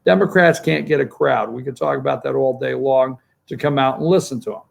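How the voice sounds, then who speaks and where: A man with a medium-pitched, creaky voice speaks briskly while hosting a political talk show in a studio. He rambles through his commentary and calls up pictures for his producer.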